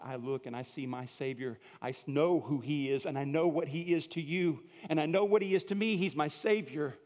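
Pastor with a fairly high voice in a reverberant hall. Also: male voice, muffled recording. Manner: conversational preaching with emphatic swings in loudness. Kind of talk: sermon.

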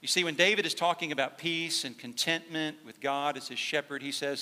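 Bright-voiced male preacher in an echoing hall. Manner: swings from hushed, slow emphasis to loud, high-pitched fervor. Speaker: pastor. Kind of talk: sermon. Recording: long hall reverb.

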